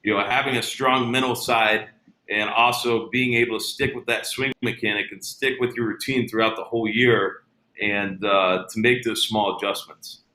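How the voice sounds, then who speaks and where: A man's voice: on the low side, fairly even intonation, moderate pace, pushed and bright, reverberant, rough recording. A man talking casually about baseball as an interview guest, telling stories with many fillers and restarts.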